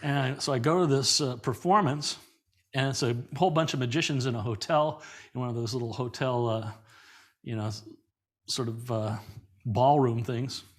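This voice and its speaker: A middle-aged man with a mid-pitched voice, recounting stories as a podcast guest. He talks in a loose, animated way, doubling back on words and laughing as he goes. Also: moderate pace. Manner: lively anecdotes, repeats words, laughs often. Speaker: guest performer. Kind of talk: conversational storytelling in an interview.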